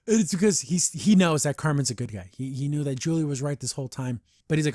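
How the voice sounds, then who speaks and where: A man hosting a podcast, reviewing a cartoon episode in an animated, excitable way with many restarts. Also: a little high, fairly quick, few pauses, dry recording, clean studio sound. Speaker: podcast host. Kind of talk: casual episode review chat.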